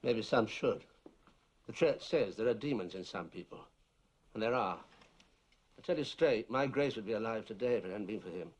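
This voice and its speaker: An actor playing a grieving, bitter widower in a film, speaking bluntly and with resentment. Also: male voice, lowish voice, animated, moderate pace, long pauses. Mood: resentful. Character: grieving, bitter widower who blames another man.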